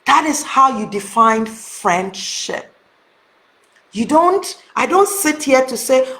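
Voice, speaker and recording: A woman's voice: high-pitched, animated, a little slow, a bit bright. A woman hosting a motivational talk, speaking earnestly and emphatically straight to her viewers. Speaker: host. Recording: roomy echo.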